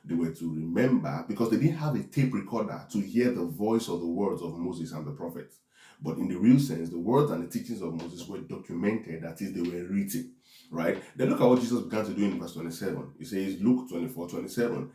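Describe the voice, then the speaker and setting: A man's voice: low voice, a little fast, mellow. A man preaching a Bible teaching, often checking in with his listeners with "right?" and "are we together?". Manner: preaches with many "right?" tag questions. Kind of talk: sermon. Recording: echoey room.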